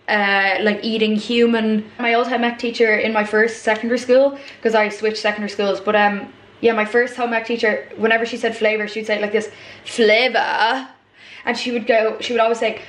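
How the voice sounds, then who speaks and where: A woman's voice: mid-range voice, a bit bright. Irish girl in her 20s chatting away while she cooks, lots of tangents, echoey kitchen sound. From Ireland. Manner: rambling, chatty, many fillers and asides. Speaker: vlogger. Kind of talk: casual chat while cooking. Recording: echoey room.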